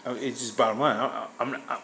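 A man's voice: mid-range voice, steady tone, very fast, vocal fry, bright, forceful tone, slight background noise, low-quality recording. A man casually telling a personal story, rambling with many fillers and restarts. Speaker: guest sharing a testimony.

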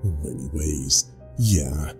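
A man's voice: very deep voice, darkish tone, faint music behind, voice pushed down, heavily acted. A man voicing a mysterious anonymous male caller with a cool, sarcastic, smug manner. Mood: cold. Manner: cool, mocking, unhurried. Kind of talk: horror story narration voice acting.

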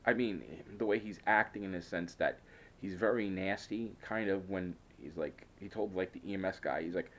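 Man, deep low voice, rambling hesitant vlog talk, frustrated retelling. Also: normal speed, fairly bright tone. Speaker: vlogger. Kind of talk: casual vlog monologue.

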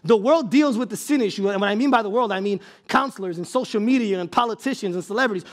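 A man preaching an impassioned sermon as a pastor, often shouting for emphasis and repeating words as he restarts phrases. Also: high-pitched, quick pace.

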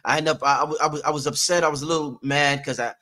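A man's voice: a little high, fairly even intonation, very fast, sharp tone. A man hosting a casual chat, easygoing and slangy, a little tired. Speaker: host.

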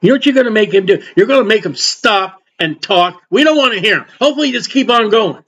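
A man's voice: sits high, animated, fast, fairly bright tone. An older man preaching an informal Bible sermon in a folksy way, acting out quotes and adding asides. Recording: dull lo-fi recording.

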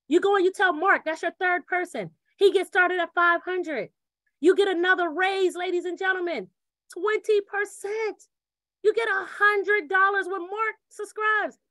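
In a close, dry recording, a woman with a very high, bright voice lively promotes a referral program. Her pitch is full of energy, with quickly acted-out exchanges and repeated catchphrases.

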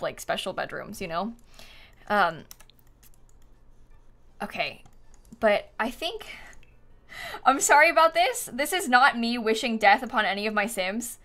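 A woman's voice: mid-range voice, a bit bright. A woman live-streaming a life-sim game, chatting casually, thinking aloud as she builds and thanking viewers by name with frequent giggles.

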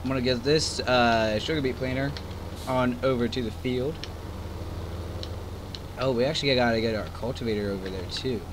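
A man's voice: medium pitch, fairly even intonation, normal speed, long pauses. Casual male gaming host, chatty and rambling, jokes at himself, faint tractor game hum under the voice. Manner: rambling, self-deprecating, chatty. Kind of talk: casual gameplay commentary. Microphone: desk microphone. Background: farm game engine sounds.

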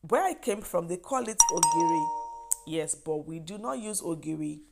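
A woman's voice: low-pitched, lively intonation, moderate pace, gravelly, darkish tone. A woman with a Nigerian accent walks viewers through a recipe in a chatty, encouraging way, often stressing her points with "yes" and "trust me". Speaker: cooking vlogger. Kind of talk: cooking demonstration.

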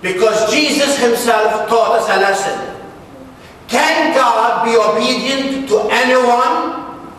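High-voiced priest preaching in an echoey church. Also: male voice, slow, fairly bright tone. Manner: emphatic, preaching with dramatic drops and rises. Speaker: Catholic priest. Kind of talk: sermon. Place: large church. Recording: echoey church hall from far off.

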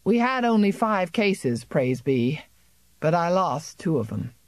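A woman's voice: on the low side, very animated, unhurried, no echo. A good-humored young country doctor speaks easily and cheerfully, read by a woman. The storybook narration is close-miked and dry. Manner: easygoing, cheerful.

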